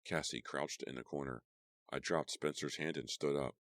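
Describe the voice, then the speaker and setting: A man giving a dramatic, measured reading as narrator of a horror audiobook. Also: extremely low pitch, steady tone, fairly bright tone, no echo, clean studio sound.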